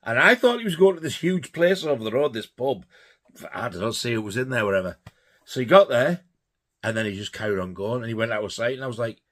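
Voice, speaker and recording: A man's voice: mid-range voice, animated, normal speed. A man telling a rambling, laughing anecdote on his vlog, swearing freely. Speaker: vlogger.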